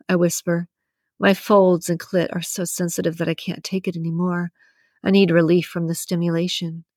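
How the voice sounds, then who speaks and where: An audiobook narrator, a woman, reads a first-person romance story in a breathy, intimate voice pitched on the low side. The recording is dry and close, with no room sound.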